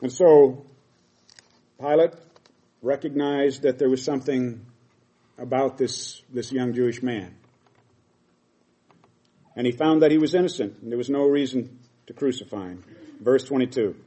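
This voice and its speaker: A man's voice: mid-range voice, measured pace, pauses often, dark tone. A middle-aged man preaching a sermon, reading scripture aloud and explaining it with emphatic quoted lines.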